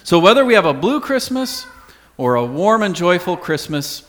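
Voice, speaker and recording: High-pitched guy preaching, earnest, goes quiet on key words, big church reverb. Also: sing-song, normal speed. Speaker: pastor. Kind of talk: sermon.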